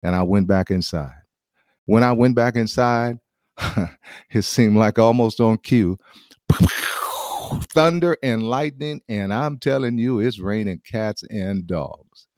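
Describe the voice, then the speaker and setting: A middle-aged American man, a former baseball player, telling a lively testimony story with restarts and chuckles. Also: mid-range voice, slow, pauses often, no room sound, clean studio sound. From United States.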